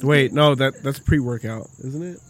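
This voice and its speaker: A man with a middle-pitched voice chats on a podcast. He drops quick, joking comments into the conversation, casual and crude. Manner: joking, quick teasing remarks. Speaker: podcast co-host. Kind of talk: casual chat.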